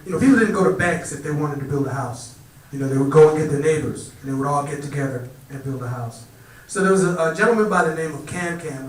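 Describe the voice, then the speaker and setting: Man, spiritual teacher, live talk, bright voice, roomy echo, distant mic. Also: on the high side. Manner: relaxed storytelling, lively quoted animal voices. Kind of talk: storytelling talk to a live audience. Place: community hall, live gathering.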